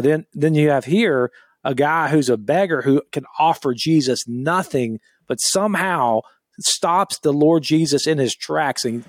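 A man's voice: medium pitch, no echo, clean studio sound. A man co-hosting a podcast, leading a Bible discussion and reading scripture aloud in an earnest, emphatic way with frequent restarts. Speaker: podcast co-host.

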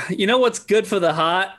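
High-voiced bro in deadpan exasperation. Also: male voice, unhurried. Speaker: podcast co-host. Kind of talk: joking sports betting banter.

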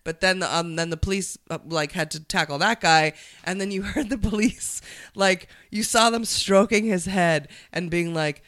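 Rambling, bright-voiced podcast talker. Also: medium pitch, moderate pace, no room sound. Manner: rambling, profane, acts out quoted people. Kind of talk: casual podcast chat.

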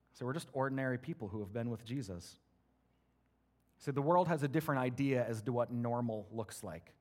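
A man preaching a sermon as a pastor, in an energetic, conversational way full of rhetorical questions. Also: medium pitch, a little fast.

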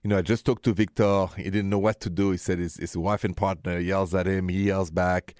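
A man hosting a call-in relationship advice radio show, giving calm, gentle advice. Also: low-pitched, a little fast, no echo, studio quality.

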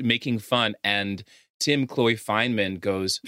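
A man co-hosting a podcast, chatting casually about a film in a halting way, often restarting his sentences. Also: fairly low pitch, pushed and bright, dry recording, clean studio sound. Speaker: podcast co-host. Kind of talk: casual movie chat.

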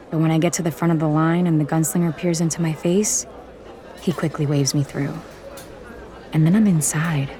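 A woman narrating an audiobook in the first person, in a measured, intimate way. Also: low voice, warm tone.

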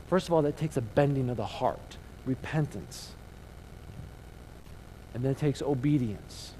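Warm and mid-range, this man's voice goes a little slow, with long pauses. As a pastor giving a conversational sermon, he asks rhetorical questions and has the audience repeat key words in call-and-response fashion. The low-quality recording carries a bit of hiss or hum.

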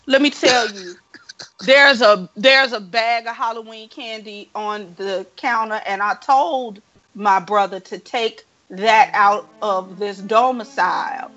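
A woman hosting a casual podcast chat, animated and playful as she tells stories. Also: medium pitch, slow, highs cut off. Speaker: podcast host.

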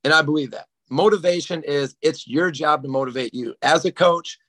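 A man's voice: on the high side, normal speed, fairly bright tone, dry recording. A man who is a strength and conditioning coach, explaining his motivation program directly on a group coaching call. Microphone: video call.

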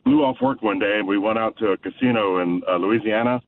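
A man's voice: fairly low pitch, brisk, far from the mic. A man from Texas calling in to a radio show, telling a story with many fillers and restarts. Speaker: caller. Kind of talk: phone-in storytelling. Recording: muffled phone line with faint noise.

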